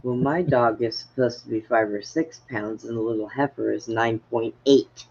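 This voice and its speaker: Woman co-host, casual chat, husky voice, dull lo-fi sound, joking. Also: a bass voice, normal speed, darkish tone. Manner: joking, teasing.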